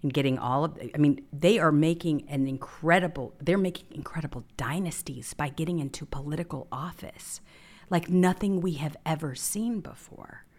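Woman talk host, low-pitched, sarcastic and emphatic commentary. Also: normal speed. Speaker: political talk show host. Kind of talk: opinion commentary.

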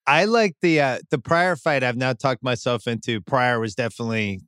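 A man's voice: medium pitch, normal speed, a bit bright, smooth, no room sound, studio quality. A man hosting a podcast, chatting casually and reminiscing about old fights. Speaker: podcast host. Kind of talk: casual interview chat.

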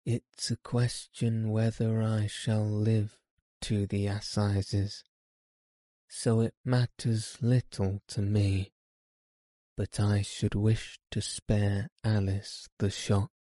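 A man voicing a weary, dying old man in a slow, grave audiobook reading. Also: fairly low pitch, level tone, dark tone, dry recording. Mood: resigned. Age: older.

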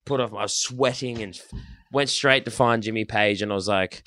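A man, a band member telling stories loudly and animatedly, swearing freely in casual chat. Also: fairly low pitch, moderate pace. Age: 30s. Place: rehearsal studio.

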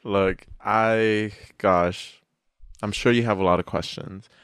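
A young man with a fairly low voice hosts a casual podcast chat. He rambles, laughs often and talks expressively. The sound is close and dry on a studio mic. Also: fairly even intonation, slow, fairly bright tone, smooth, no echo. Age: young adult. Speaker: podcast host.

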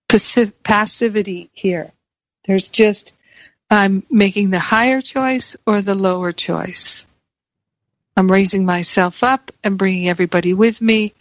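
Slow, earnest woman teaching spirituality. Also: medium pitch, dry recording, dull audio. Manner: slow, earnest, repeats key phrases. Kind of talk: reflective spiritual talk.

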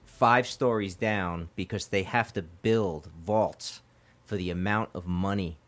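A man's voice: low-pitched, a little slow, fairly bright tone. A man in casual podcast chat, hesitant, with many ums and restarts.

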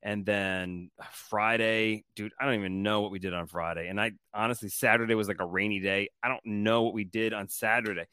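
A man's voice: lowish voice, steady tone, a little fast, few pauses, bright, forceful tone, smooth, dry recording, clean studio sound. A man in his thirties co-hosting a podcast, chatting casually in an upbeat, joking way with many "um"s. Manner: upbeat, jokey, hesitant fillers. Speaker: podcast co-host. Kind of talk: casual chat.

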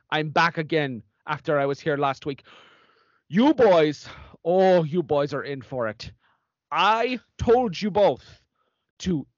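A man's voice: on the high side, no room sound. A man voicing a strict, threatening older nun who scolds and bosses people around. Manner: scolding, bossy. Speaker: host. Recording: dry, dull lo-fi recording.

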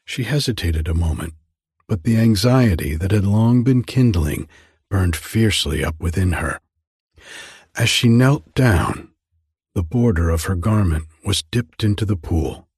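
A man narrating a classic story aloud in a measured, deliberate reading. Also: low-pitched, darkish tone, slightly rough, no echo, clean studio sound. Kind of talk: scripted audiobook narration.

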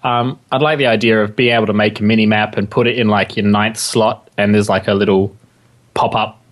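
A man's voice: fairly low pitch, steady tone, brisk. A man co-hosting a gaming podcast, joking around and reading listener ideas aloud. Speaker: podcast co-host. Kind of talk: casual gaming chat.

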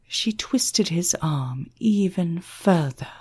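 A woman narrating an audiobook in an expressive, measured storytelling manner. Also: on the low side, slightly rough.

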